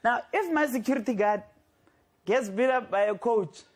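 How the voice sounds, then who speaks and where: South african comedy guy, super high voice, cracking jokes on a sports show, laughs a lot. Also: normal speed. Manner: joking, laughing through lines, mixing in local slang.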